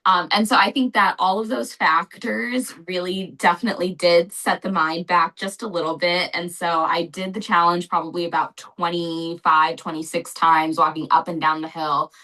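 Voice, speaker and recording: A woman's voice: on the low side, steady tone, moderate pace, few pauses, pushed and bright, low-quality recording. A young woman answering interview questions in an earnest, effusive way, often saying "like.". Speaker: guest.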